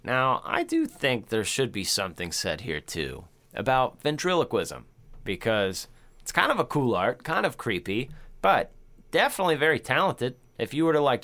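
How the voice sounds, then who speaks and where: A man co-hosting a casual movie review chat, animated and swearing freely, often acting out lines in silly voices. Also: medium pitch, moderate pace. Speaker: podcast co-host.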